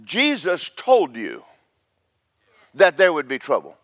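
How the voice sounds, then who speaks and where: High-voiced preacher, dry sound. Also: male voice, huge pitch swings, no room sound. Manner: preaching with swings from loud and slow to quiet and quick. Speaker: pastor. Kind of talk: sermon.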